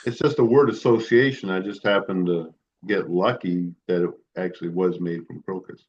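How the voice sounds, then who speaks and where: A middle-aged man on a podcast, voice pitched low, talking in a relaxed, rambling way full of pauses and restarts. His audio comes through dull and lo-fi, like a remote call. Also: slight background noise. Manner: rambling, hesitant, many fillers and restarts. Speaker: podcast co-host. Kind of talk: casual chat.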